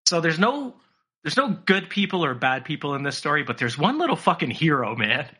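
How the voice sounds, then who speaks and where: A man's voice: fairly high pitch, very animated, fairly quick, bright, forceful tone, slightly rough. A man chatting casually on a podcast, telling a story with lots of profanity and slipping into mocking voices for the people he quotes.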